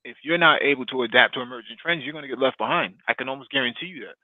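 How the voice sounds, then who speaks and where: A man's voice: medium pitch, rapid-fire, no echo. Man talking tech on a tinny line. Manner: explanatory, many fillers and restarts. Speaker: podcast co-host. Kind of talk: casual economics discussion. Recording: dry tinny phone-like line.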